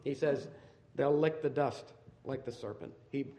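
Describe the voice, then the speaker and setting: A man preaching a sermon, building to loud emphatic peaks and then dropping to quiet, low asides. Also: measured pace. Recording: roomy echo.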